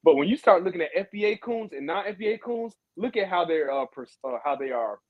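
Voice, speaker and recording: A man talking on a phone in a casual panel chat, in rapid, halting bursts with restarts. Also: sits high, lively intonation, narrow, tinny audio. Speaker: guest panelist.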